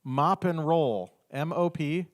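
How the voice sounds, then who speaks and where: A man speaking to a workshop audience in a lively, conversational way, his voice sitting a bit high for a man. He slips into quick acted-out dialogues to make his points. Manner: animated, acts out little dialogues. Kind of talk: informal workshop talk.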